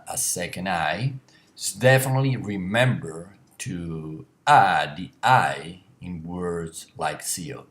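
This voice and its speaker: Slow, deliberate teacher. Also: male voice, low voice. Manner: slow, deliberate explaining with many pauses and self-corrections. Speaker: language teacher. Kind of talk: classroom lecture.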